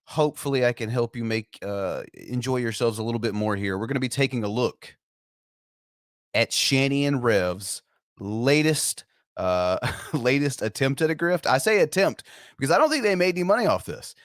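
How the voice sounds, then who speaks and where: A man's voice: mid-range voice, expressive, moderate pace, no echo, clean studio sound. A man hosting a livestream in casual chat, stammering and repeating words as he chuckles. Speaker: livestream host.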